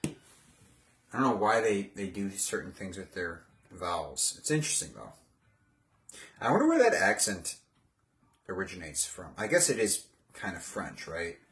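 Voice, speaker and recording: A man's voice: low voice, sing-song, a little slow, gravelly, pauses often, a bit bright. A man chatting casually on a livestream as he builds something, wandering off topic and poking fun at himself. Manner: chatty, wandering, self-mocking asides. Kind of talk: rambling casual livestream chat.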